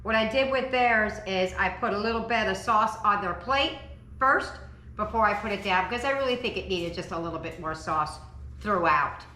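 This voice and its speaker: A woman's voice: mid-range voice, normal speed, sharp tone, reverberant. A woman hosting a casual home cooking vlog from her dining table, upbeat and chatty as she gets her family to taste the meal. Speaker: cooking channel host.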